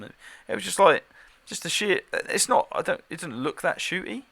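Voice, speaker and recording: A man's voice: a little high, expressive, moderate pace, hardly any pauses, sharp tone, dry recording. A man co-hosting a podcast, chatting casually with lots of fillers, restarts and chuckles. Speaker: podcast co-host giving a battle report. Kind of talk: casual chat.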